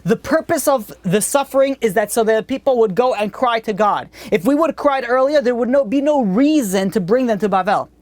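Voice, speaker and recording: Earnest blunt rabbi teaching a class. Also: male voice, very high-pitched, expressive, a little fast, few pauses, darkish tone, no room sound. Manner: blunt, earnest, with many restarts. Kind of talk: Torah class lecture.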